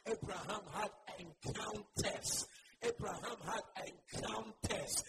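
A man's voice: extremely high pitch, sing-song, unhurried. A male pastor preaching a sermon, calling on the congregation to repeat after him. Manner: preaching with call-and-response to the congregation. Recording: loud background noise.

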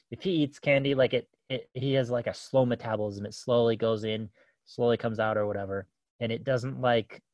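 A man's voice: medium pitch, dry recording. Rambling man telling a family story. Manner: rambling, many fillers and restarts, laughs often. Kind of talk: casual storytelling.

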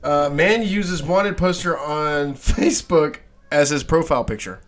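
A man co-hosting a casual comedy podcast, telling a story in an animated way, laughing often and acting out the people in it. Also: on the high side, a little slow, background noise. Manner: animated, laughs often, acts out voices in his stories. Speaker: podcast co-host.

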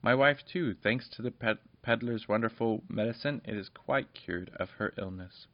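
A man's voice: on the low side, moderate pace, no echo, natural voice. A man voicing a proud, newly rich village father in a formal storybook reading, on a dull lo-fi recording.

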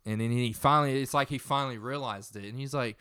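A man's voice: mid-range voice, quick pace, bright, forceful tone, clean tone, no room sound, clean studio sound. A young man casually retelling a tense story in a profane, rambling way.

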